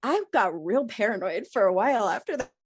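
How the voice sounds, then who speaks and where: A woman's voice: mid-range voice, animated, fairly quick, breathy edge. A woman podcast host telling a story in casual chat, laughing often and using lots of fillers.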